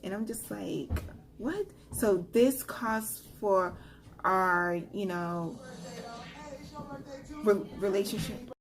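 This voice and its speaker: A young woman telling a personal story in a casual vlog, chatty and animated, with many fillers. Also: mid-range voice, slow, pauses often. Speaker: vlogger.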